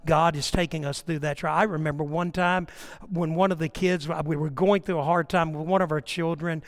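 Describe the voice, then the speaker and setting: A man's voice: on the high side, fairly even intonation, normal speed. An older man preaching a sermon, telling personal stories and building to impassioned, emphatic appeals. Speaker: pastor.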